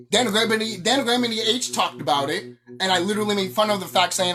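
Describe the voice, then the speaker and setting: A woman's voice: medium pitch, expressive, a little fast, fairly bright tone. A woman vlogger delivering an angry, profane, confrontational monologue to her viewers. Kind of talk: ranting monologue to camera.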